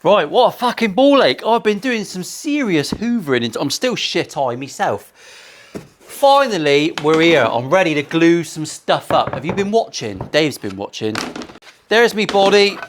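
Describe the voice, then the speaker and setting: A man's voice: fairly high pitch, sing-song, normal speed. Cheeky, sweary craftsman. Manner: cheeky, joking, rambling asides. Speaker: luthier, guitar-building vlogger. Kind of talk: casual sweary banter while working. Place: guitar workshop.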